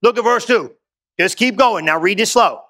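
A male pastor preaching in a loose, street-talk manner, full of quick questions to his listeners. His voice sits high for a man and rings bright and forceful. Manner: casual, slangy preaching with call-and-response questions. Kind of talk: sermon.

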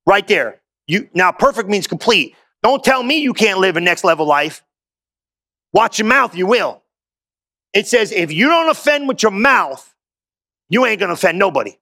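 A male pastor preaching in a loose, street-talk manner, full of quick questions to his listeners. His voice sits high for a man and rings bright and forceful. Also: sing-song. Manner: casual, slangy preaching with call-and-response questions. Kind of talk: sermon.

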